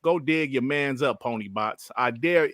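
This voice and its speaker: A man hosts a casual gaming podcast, talking in slang, leaning on "you know" as filler, and laughing a lot. His voice is medium-pitched, a little slow, and a bit bright, recorded at studio quality with no room sound.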